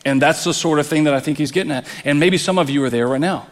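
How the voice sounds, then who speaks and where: Pastor guy preaching, kinda higher voice, earnest, restarts words a lot, long echo like a big church. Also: fast. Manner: earnest, repeats words when stressing a point. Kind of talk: sermon.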